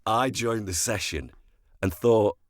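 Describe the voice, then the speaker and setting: An older man tells self-deprecating stories from his voiceover career, with plenty of restarts. His voice sits very low. The sound is close and dry, with no room in it. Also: slow, no echo. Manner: anecdotal, self-deprecating storyteller with frequent restarts. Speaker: voiceover artist and actor. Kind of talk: relaxed interview chat.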